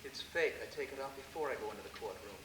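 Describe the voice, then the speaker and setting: A young actor playing a dry, suspicious young lawyer, recorded on stage from far off in an echoey hall. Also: male voice, mid-range voice, lively intonation, fast talker, heavy background noise, natural voice. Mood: wry. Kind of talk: community theatre acting.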